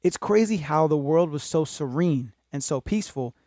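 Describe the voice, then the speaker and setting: A man hosting a podcast, telling a story in a rambling, profane, animated way and acting out what people said. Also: fairly high pitch, moderate pace, no echo, clean studio sound. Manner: profane, rambling, animated retelling with acted-out quotes. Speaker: podcast host. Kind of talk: casual storytelling.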